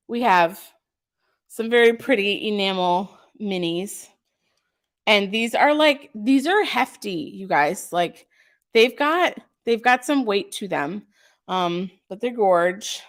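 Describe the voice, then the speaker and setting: A woman's voice: mid-range voice, expressive, takes it slowly. A woman who runs a small craft shop, hosting a casual live stream. She chats and gushes about her products with lots of filler ums, and she reads out viewer comments and answers them.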